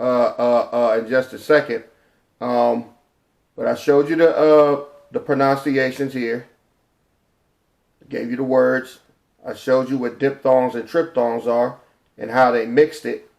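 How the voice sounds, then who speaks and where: A man teaching informally from a chart, halting often with repeated fillers and sounding out letters and syllables. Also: mid-range voice, gravelly, a little mellow. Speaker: religious teacher.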